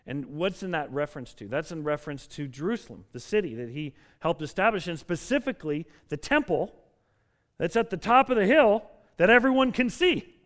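A man preaching a sermon in an earnest, emphatic way, building up in intensity and then dropping low. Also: animated, fairly quick. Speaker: pastor.

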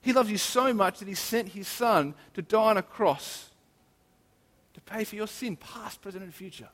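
A man preaching a sermon in an earnest, emphatic way, slowing down to stress key phrases. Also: high voice, a bit bright, big-room sound.

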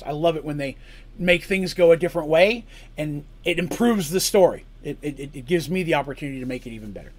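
A man as game master, recapping a tabletop game session with chatty, enthusiastic asides. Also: fairly high pitch.

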